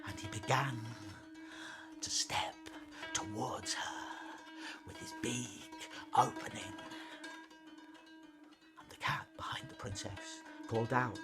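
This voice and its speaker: A man telling a fairy tale, slow and hushed, often dropping to a whisper. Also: medium pitch, steady tone, over music. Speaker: storyteller. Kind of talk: storytelling for adults.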